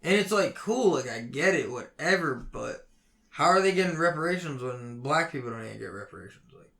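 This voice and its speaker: A young man ranting heatedly on a casual podcast, swearing constantly and swinging between loud outbursts and low mutters. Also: animated, fairly quick, vocal fry. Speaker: podcast co-host.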